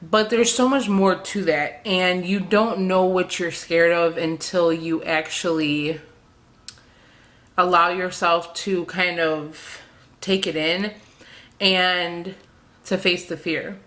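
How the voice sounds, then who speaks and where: A woman's voice: lowish voice, steady tone, takes it slowly, fairly bright tone. A young woman talking in an emotional confessional vlog, hesitant and rambling, with many fillers and restarts, near tears. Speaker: beauty vlogger.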